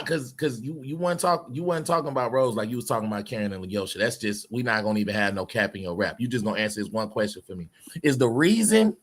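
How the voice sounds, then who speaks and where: A man's voice: mid-range voice, fairly bright tone. A man on a live stream group call, pressing others with questions in a teasing, repetitive way. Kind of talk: casual chat.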